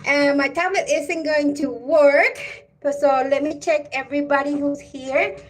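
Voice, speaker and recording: A middle-aged woman hosts a casual live stream from home, talking in a high voice. She speaks at an easy, slow pace and thinks aloud. She greets her viewers by name.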